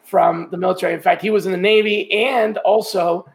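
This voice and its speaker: A man's voice: high voice, fairly even intonation, fairly quick, gravelly. A man speaking as a podcast guest, explaining his working methods step by step in a casual, conversational way with frequent restarts. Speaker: guest, sourcing trainer.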